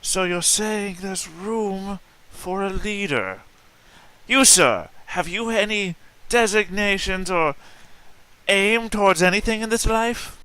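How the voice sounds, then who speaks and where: A man's voice: high voice, takes it slowly, sharp tone, clear, resonant tone. A man playing a character in a tabletop game, talking in a formal and persuasive way. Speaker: player.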